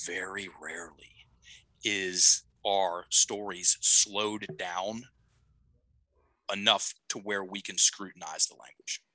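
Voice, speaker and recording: A man's voice: low voice, fairly even intonation, very slow, long pauses, sharp tone, no echo, poor audio. A middle-aged man, a life coach, telling a long story on a podcast, restarting sentences and checking in with "okay?". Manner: rambling, self-correcting, frequent "okay?" check-ins.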